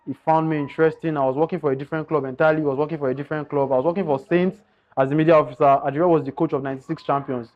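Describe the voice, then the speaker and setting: A man's voice: fairly high pitch, steady tone, racing. A man telling his own story in a candid, earnest way, often calling his listeners guys. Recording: slightly dull lo-fi sound.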